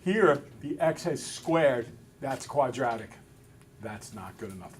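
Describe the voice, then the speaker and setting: A male math teacher in a classroom, relaxed and a little self-deprecating, talking through each step aloud. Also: medium pitch, slow pace, slight background noise. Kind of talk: classroom lesson. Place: school classroom with students.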